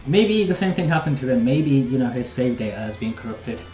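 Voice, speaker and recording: A man's voice: medium pitch, expressive, a little fast, over music. Young man streaming a game. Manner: casual, chatty, talks to viewers while playing. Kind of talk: live gameplay commentary. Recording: roomy echo.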